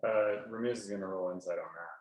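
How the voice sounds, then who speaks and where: A man's voice: fairly low pitch, fairly even intonation, rapid-fire, darkish tone, distant mic. A man playing a tabletop game in a playful, joking way. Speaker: player. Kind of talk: casual tabletop play. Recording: echoey room.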